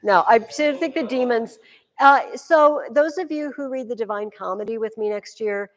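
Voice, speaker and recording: A woman teaching a high school class, explaining with energy and acting out quotes dramatically. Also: normal speed, in a large hall. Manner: lively, acts out quotes dramatically. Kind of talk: classroom lecture.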